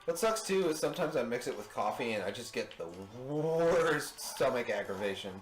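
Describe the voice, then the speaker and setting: A man's voice: medium pitch, animated, moderate pace, reverberant, faint music behind. A man riffing casually as co-commentator on a game video, laughing often and rambling through his stories. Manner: giggly, rambling joke-teller. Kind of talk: casual let's play banter.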